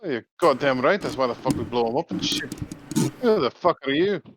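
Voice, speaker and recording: A man's voice: mid-range voice, animated, a little fast, natural voice. A man doing a cursing old bomber. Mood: angry. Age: older. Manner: profane, belligerent ranting. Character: older male Irish bomber, foul-mouthed, hot-tempered. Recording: dull lo-fi mic with faint noise.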